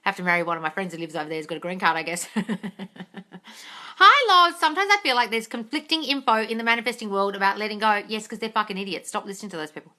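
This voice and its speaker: A woman with a bright, forward voice hosts a casual live stream from her phone. She chats loosely, greets viewers warmly by name and swears without a second thought. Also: mid-range voice, racing. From England. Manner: chatty, swears freely, greets viewers excitedly. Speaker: manifesting coach.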